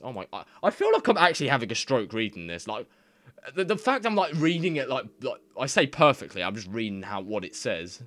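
A man's voice: medium pitch, very animated, fairly quick, a bit bright, no room sound. A man, casually reading odd machine translations aloud, laughing and swearing as he goes. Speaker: gaming video creator.

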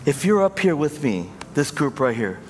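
A man's voice: fairly high pitch, very animated, normal speed, darkish tone, slight background noise. A male pastor preaching a sermon, impassioned and conversational, with a long hall reverb on the voice. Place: large church hall.

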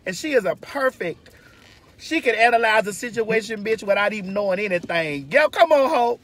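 Inside a car, a woman vlog host chats casually into her phone camera in a mid-range, expressive voice at a moderate pace. She's brassy and flamboyant, calling everyone "girl" and "honey."

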